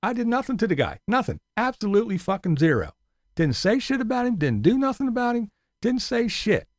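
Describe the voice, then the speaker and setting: A man rants to his viewers in a heated, profane voice that mocks as it goes. His pitch jumps around with a lot of life. The sound is dry and close, with no room around it. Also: wildly swooping pitch, a little fast, no room sound. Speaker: YouTuber. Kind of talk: angry rant to viewers.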